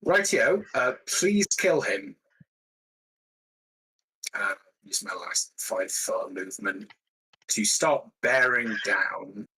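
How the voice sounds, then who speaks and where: Male player, bright tense tone, a bit husky, hesitant speech. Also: on the low side, expressive, slow, pauses often, rough recording. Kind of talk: tabletop game play.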